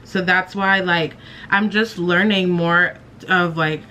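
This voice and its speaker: Bright-voiced young woman chatting to camera. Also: fairly low pitch, steady tone, takes it slowly, a little hiss or hum. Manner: chatty, heavy use of "like", self-mocking. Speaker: beauty vlogger. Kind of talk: casual storytelling to camera.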